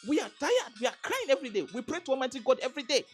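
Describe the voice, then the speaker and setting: A Nigerian woman vlogger delivers emphatic political commentary, repeating phrases and restarting sentences with stammers as she drives her points home. Her high, sing-song voice races along over soft background music.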